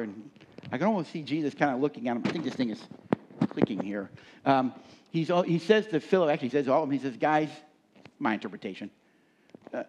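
A male pastor preaching a sermon who asks the congregation to fill in words and rises into animated scripture reading. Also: medium pitch.

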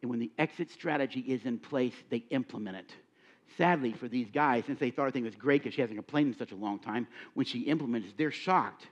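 A man's voice: mid-range voice, a little fast. A middle-aged man preaching a sermon, acting out little scenes and firing questions at his listeners. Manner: animated, acts out dialogue, asks the audience questions. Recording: dull lo-fi recording.

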